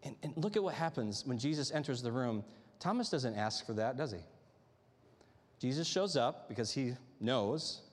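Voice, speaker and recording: A man's voice: medium pitch, lively intonation, moderate pace, long reverb tail. A man preaching a sermon to a live congregation in a chatty, conversational way, often tossing out rhetorical tag questions. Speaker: pastor. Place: church sanctuary with live congregation.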